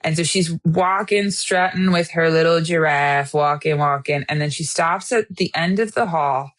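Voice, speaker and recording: A woman's voice: sits low, normal speed. A woman co-hosting a podcast who gives intuitive readings, talking in an earnest, enthusiastic way. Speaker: podcast co-host and intuitive reader. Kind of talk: casual chat.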